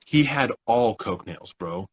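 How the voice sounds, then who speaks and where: A man's voice: fairly low pitch, expressive, takes it slowly, breathy edge, rough recording. A young man co-hosting a podcast, telling a story in casual chat, acting out other people's lines and swearing often. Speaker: podcast co-host.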